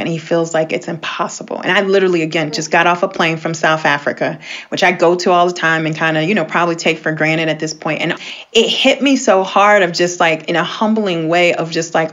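A woman with a slightly low-pitched voice tells a personal story as a guest in relaxed conversation. She talks animatedly, filling her sentences with "like" and sweeping her pitch up high to stress a point. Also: dull audio. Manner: animated, many filler "like"s, swoops up in pitch for emphasis. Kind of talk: casual storytelling.

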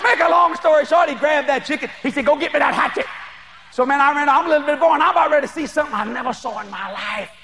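High-voiced shouting preacher. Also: male voice, racing, few pauses. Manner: animated, shouting, laughing storyteller. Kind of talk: storytelling sermon.

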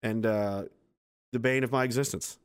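A man's voice: mid-range voice, fairly even intonation, moderate pace, smooth. A man hosting a casual livestream, reading viewer comments and answering them with sarcastic, profane, rambling asides. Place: at home base on a hot day.

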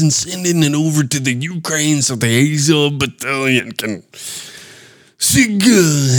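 Profane mocking podcast host, fairly high voice. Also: male voice, animated, a little slow. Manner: profane, mocking, laughs often. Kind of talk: crude podcast reaction commentary.

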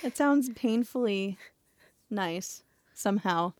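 A woman's voice: medium pitch, animated, slow pace, dry recording. A woman co-hosting a podcast in casual chat, playful and giggly, hedging as she talks. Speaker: podcast co-host.

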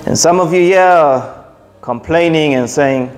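A man's voice: a little high, measured pace, faint music behind. A man preaching a sermon, emphatic and repetitive, with joking asides.

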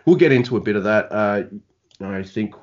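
A man's voice: fairly low pitch, lively intonation, normal speed, muffled recording. A man hosting a podcast in casual chat, laid-back and teasing. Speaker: podcast host.

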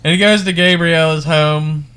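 A man with a slightly high voice chats about a movie, laughing through his lines. He keeps slipping into quick silly voices to act out the scenes. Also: steady tone, background noise. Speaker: podcast co-host. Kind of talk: casual film review chat.

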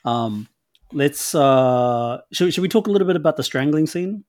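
A man chats through a film recap on a podcast, laughing often as he replays favorite moments. His pitch swings widely, and the recording is close and dry with little room sound. He talks in a loose, casual way. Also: normal speed, dry recording. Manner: laughs often, animated retelling of scenes. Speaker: podcast co-host. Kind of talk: casual film review chat.

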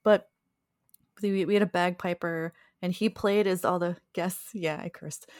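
A woman's voice: lowish voice, steady tone, measured pace, a little mellow, dry recording, clean studio sound. A young woman co-hosting a podcast, telling stories in a chatty way and laughing often. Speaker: podcast co-host. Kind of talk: casual chat.

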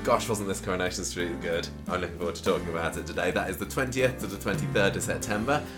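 A man's voice: low-pitched, fast, over music. A man hosting a podcast, chatting cheerfully while he has a cold. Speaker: podcast host. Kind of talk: casual chat.

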